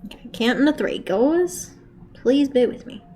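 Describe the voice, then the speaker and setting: Young woman, chatty and sweary, slightly high voice, crochet stream talk, faint background music. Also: expressive, a little slow, dark tone. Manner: chatty, swears freely, laughs often, gushes over dogs. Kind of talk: casual live-stream chat while crocheting.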